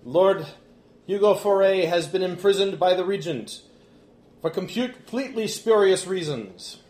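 A man's voice: high voice, animated, moderate pace, darkish tone, pitched above the performer's own voice. A man playing a formal noble host. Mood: declamatory. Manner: formal, declamatory. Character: formal male noble host addressing a ballroom. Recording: echoey room.

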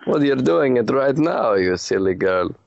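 A man's voice: medium pitch, expressive, vocal fry, a little mellow, dry recording. A man playing in a tabletop game over a call, chatting casually and cutting in with jokes and questions. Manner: joking, quick to interject. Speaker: player. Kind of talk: casual chat. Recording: lo-fi voice call audio.

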